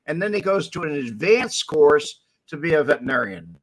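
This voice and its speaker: A man's voice: on the high side, animated, moderate pace, low-quality recording. A man co-hosting a casual live-stream chat, matter-of-fact in his remarks. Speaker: podcast co-host.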